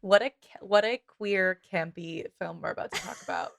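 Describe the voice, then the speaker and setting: A woman's voice: on the low side, moderate pace, creaky, a bit bright, dry recording, clean studio sound. A woman co-hosting a podcast, chatty and enthusiastic, laughing often in casual chat. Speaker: podcast co-host.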